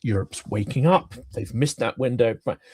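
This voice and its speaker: A man co-hosting a political talk show, measured and emphatic, his voice worn from talking. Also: mid-range voice, a little mellow, breathy edge, no room sound. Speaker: co-host. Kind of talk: political commentary.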